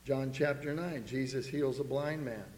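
A man's voice: medium pitch, steady tone, normal speed, darkish tone. A man preaching a sermon, earnestly reading scripture aloud to a congregation in a church. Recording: echoey hall with faint hum.

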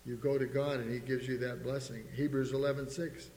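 A man's voice: medium pitch, level tone, fairly quick, few pauses, a little mellow. Preacher man in an echoing church. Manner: calls for amens and quotes scripture in old King James wording. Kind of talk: sermon. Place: church sanctuary. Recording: echoey church hall reverb.

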